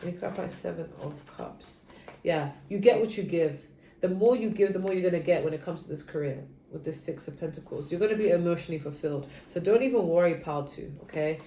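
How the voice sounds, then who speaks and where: A woman giving a casual tarot reading, chatty and sleepy, drifting between low murmurs and sudden bursts of energy. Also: a little fast, mellow, reverberant. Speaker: tarot reader.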